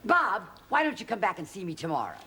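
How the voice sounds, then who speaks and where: A flustered, chatty American woman who stammers and talks with a lively, swooping voice. The 1970s sitcom recording has clear background noise. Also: medium pitch, quick pace, crowd noise.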